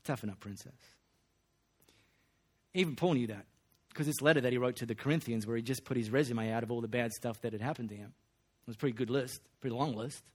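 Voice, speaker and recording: Aussie pastor with a folksy, joking delivery in a mid-pitched voice. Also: male voice, quick pace, breathy edge. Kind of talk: sermon.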